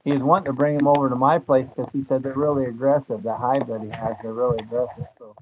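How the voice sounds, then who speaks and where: An older man, chatting in a rambling, folksy way about life on the homestead. His voice sits at a middle pitch. The recording sounds dull and lo-fi, with a faint hiss underneath. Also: little pitch movement, quick pace. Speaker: homesteading channel host. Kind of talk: casual chat.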